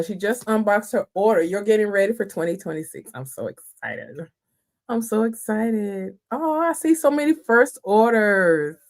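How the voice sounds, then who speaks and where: Chatty woman livestream host. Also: medium pitch. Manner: chatty, folksy, laughs easily, calls viewers girl and honey. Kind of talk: casual live chat greeting viewers.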